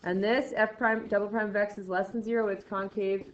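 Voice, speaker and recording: A woman leads a math lesson in a relaxed, chatty way. She keeps firing off quick questions and answering them herself. The recording is a bit dull, with faint background noise. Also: medium pitch. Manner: casual and encouraging. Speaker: math teacher. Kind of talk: classroom lecture.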